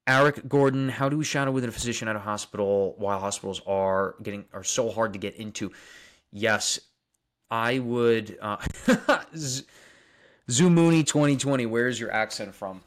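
A man's voice: fairly low pitch, moderate pace. A young man from Long Island with a Long Island accent, a dentist chatting casually on a livestream, reading out viewer comments and answering them. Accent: Long Island New York. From Long Island, New York. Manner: reads viewer names aloud and answers them, often repeating phrases.

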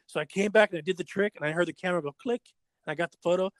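A man telling a story in casual chat, animated and acting out the voices of the people in it. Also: high voice, racing, dry recording. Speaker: podcast guest.

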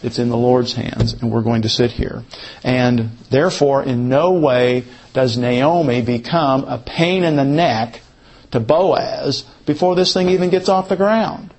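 A man teaching a Bible study lesson, who repeats his key points slowly, as if for note-taking. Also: medium pitch, a little mellow.

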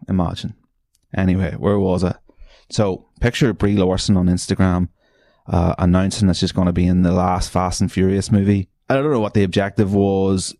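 Host: deep-voiced Irish man, dry bedroom sound, self-mocking, profane. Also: flat delivery, normal speed, dark tone, no room sound. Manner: rambling, self-mocking, heavy swearing. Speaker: podcast host. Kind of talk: casual monologue.

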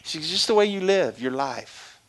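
A middle-aged man preaching a personal testimony as a sermon, conversational, swinging from loud exhortation to hushed storytelling. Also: on the high side, very animated, moderate pace, vocal fry.

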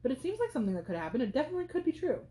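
A woman's voice: sits high, sing-song, racing, mellow. Chatty woman in a roomy space. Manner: chatty, thinking aloud, many fillers. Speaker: podcast host. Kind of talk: casual book commentary.

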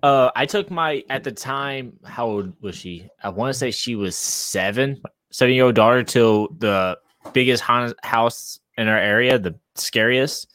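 A man chats in a laid-back way on a podcast, often stopping to restart his sentences. His voice sits in a middle pitch. The sound is dry and close, with no room echo. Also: unhurried, fairly bright tone. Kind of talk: casual chat.

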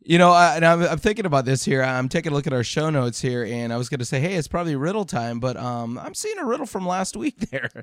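A man hosting a podcast, animated and jokey, laughing often as he chats. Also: a little high, fast talker, few pauses, no echo, studio quality. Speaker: podcast host. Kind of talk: casual podcast banter.

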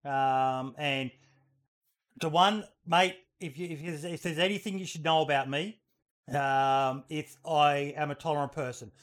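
A man's voice: on the high side, fairly even intonation, a little slow, a bit bright. A man hosting a casual livestream podcast, talking bluntly and swearing freely. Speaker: podcast host.

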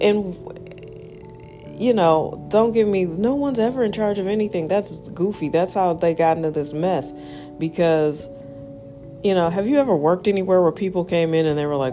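A woman hosting a podcast, giving a blunt, emphatic opinion monologue that jumps into sudden high exclamations. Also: lively intonation, normal speed, warm tone, soft background music. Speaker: podcast host.

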